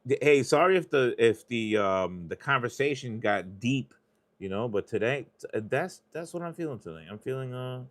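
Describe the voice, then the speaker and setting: An animated man with a mid-range voice, speaking at a moderate pace, hosts a live stream. He chats casually while scratching lottery tickets, rambling confessionally and swearing freely.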